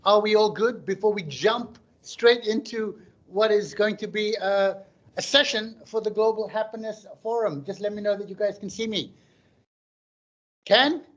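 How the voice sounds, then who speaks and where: A man's voice: high-pitched, normal speed, a bit bright. A middle-aged man doing stand-up comedy on a live online stream. He chats and jokes and reads out viewers' comments. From Malaysia.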